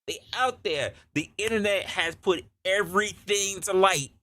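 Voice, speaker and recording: A man hosting a comedy opinion podcast, talking in a loud, profane, animated way and acting out scenes. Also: high-pitched, unhurried. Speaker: podcast host.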